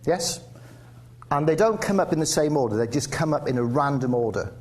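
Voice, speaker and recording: A man's voice: on the high side, animated, brisk. Wry English man giving a lecture. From England. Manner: conversational, self-interrupting with restarts and wry asides. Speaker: guest speaker. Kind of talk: public lecture. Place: lecture theatre. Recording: faint background noise in a lecture hall.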